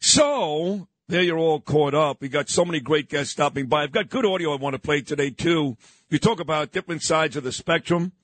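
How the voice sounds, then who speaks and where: A man's voice: on the high side, fairly quick, a bit bright, no room sound. A man hosting a talk radio show in a combative, sarcastic style, mocking politicians. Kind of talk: opinionated talk radio monologue. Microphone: studio microphone.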